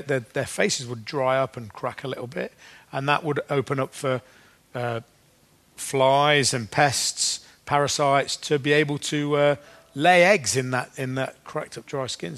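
A man giving a sermon in a conversational way, often restarting his sentences and slowing down to read scripture. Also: medium pitch, gravelly, a bit bright. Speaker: preacher.

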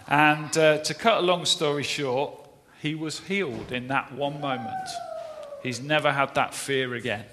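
Bright-voiced preacher in echoing hall. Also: male voice, on the high side, a little slow, a little hiss or hum. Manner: anecdotal, conversational, with frequent fillers. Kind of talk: sermon storytelling. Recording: long reverberant hall.

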